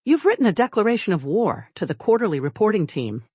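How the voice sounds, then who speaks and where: A narrator voicing a sharp, determined young woman intern who fires back quick, pointed retorts in a storybook reading. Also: mid-range voice, sing-song, breathy edge, dry recording, voice pushed up. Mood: exasperated.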